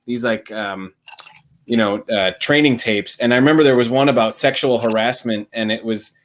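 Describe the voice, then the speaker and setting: A man on a video call recalling an old job in a casual, halting, enthusiastic way. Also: medium pitch. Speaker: co-host on live vinyl chat. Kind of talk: casual chat on a live stream.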